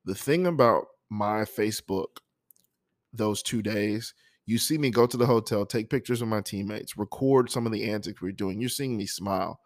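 A man telling a personal story before reading a poem, speaking softly with halting, emotional pauses. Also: lowish voice, no echo, studio quality. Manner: soft-spoken, halting and emotional. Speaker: poet introducing a poem.

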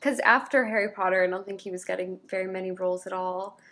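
A woman's voice: medium pitch, steady tone, fast talker, pushed and bright. Chatty woman podcast co-host. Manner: chatty, many "like" fillers. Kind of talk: casual chat.

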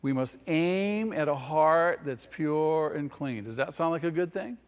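A man's voice: fairly high pitch, expressive, unhurried, clean tone. Guy preaching a sermon, punchy, repeats lines, quizzes the crowd, big echoey church sound. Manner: emphatic, repeats key phrases, asks the congregation questions. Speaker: pastor. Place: church hall. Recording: long hall reverb.

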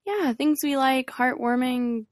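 A woman's voice: high voice, unhurried, no echo, clean studio sound. A young woman co-hosting a podcast in casual, giggly chat. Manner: giggly, loose and chatty. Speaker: podcast co-host.

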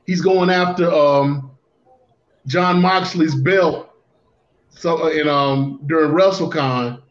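A man co-hosting a casual wrestling talk show, speaking deliberately and often restarting his phrases. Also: a little high. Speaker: podcast co-host. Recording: roomy, dull lo-fi sound.

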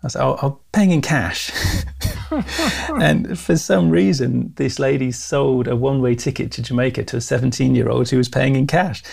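A man, a guest telling his life story in a casual interview, animated, acting out the people in it. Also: mid-range voice, normal speed, gravelly. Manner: animated, laughs often, acts out quoted voices.

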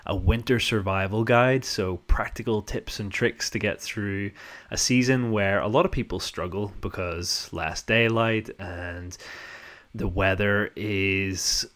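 A man's voice: lowish voice, unhurried, fairly bright tone. A man with a North Down accent from Northern Ireland, hosting a casual, self-mocking podcast monologue. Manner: chatty, self-mocking, laughs often. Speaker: podcast host.

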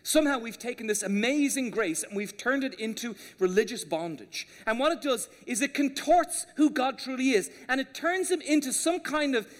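Pastor guy preaching hard, pretty high voice, lots of echo bouncing round the sanctuary. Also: lively intonation, moderate pace, hardly any pauses. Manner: impassioned preaching, rising and dropping for emphasis. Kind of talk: sermon. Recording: long reverb of a large hall.

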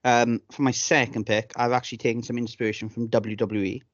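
A man's voice: mid-range voice, flat delivery, fairly quick, no echo, lo-fi sound. A man co-hosting a podcast, chatting casually and telling anecdotes with relish and freely swearing. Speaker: podcast co-host.

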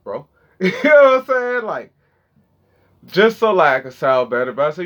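A man's voice: a little high, very animated, normal speed, long pauses. Slangy man in his thirties rambling. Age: 30s. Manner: slangy, swearing, talks straight to viewers, swings from mumbling to loud. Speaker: vlogger. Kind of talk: casual rambling monologue to viewers. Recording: dull lo-fi sound.

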